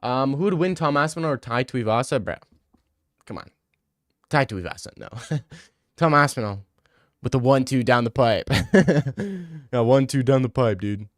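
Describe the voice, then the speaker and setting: A young male streamer chats loosely with his viewers, crude and rambling, always joking. His pitch sits in the middle for a man. The sound is dry and close, with no echo. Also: animated, normal speed, long pauses. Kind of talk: casual livestream chat, answering viewer messages.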